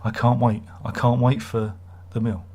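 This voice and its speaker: A man's voice: mid-range voice, flat delivery, normal speed, darkish tone, natural voice. A man voicing a hungry, eager male restaurant customer in a spoken joke.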